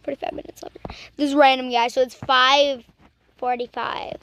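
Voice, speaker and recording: A woman's voice: high-pitched, little pitch movement, normal speed, a bit bright, clear, resonant tone. A young woman chatting casually as she reacts to videos, teasing and talking back at the screen.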